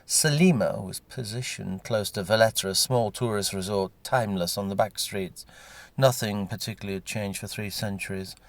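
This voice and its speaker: Gravelly low-voiced man reading a story. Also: moderate pace, no echo. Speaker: narrator.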